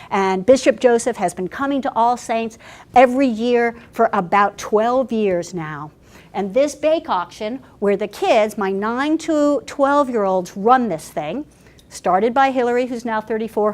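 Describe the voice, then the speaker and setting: Casual: lady pastor telling stories at a workshop, lively, chatty, kinda high voice. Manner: animated, chatty, laughing, full of restarts. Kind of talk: storytelling workshop talk.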